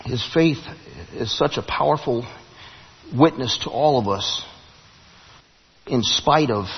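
A man preaching a sermon in a church, telling a story with halting restarts and rising emphasis. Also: medium pitch, breathy edge. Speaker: pastor. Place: church sanctuary. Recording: muffled, long hall reverb.

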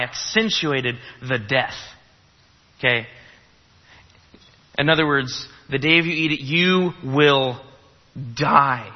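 A man's voice: medium pitch, fairly even intonation, normal speed. A man preaching a sermon, emphatic, repeating key phrases and asking rhetorical questions. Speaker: pastor. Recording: reverberant hall, dull lo-fi sound.

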